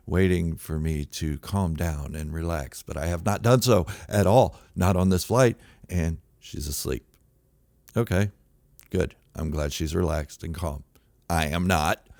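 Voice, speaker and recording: A man with a very low voice tells a true story in a loose, casual monologue. He mocks himself and plays up the drama with sudden loud bursts. The sound is close and dry, with no room around it. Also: no echo. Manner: self-mocking, dramatic retelling with sudden loud outbursts.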